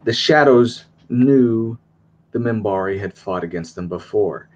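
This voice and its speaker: A man's voice: fairly low pitch, a little slow, a little mellow. A man in a casual discussion, speaking emphatically and asking long, winding questions. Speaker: guest discussing with a panel. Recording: dull lo-fi line with faint noise.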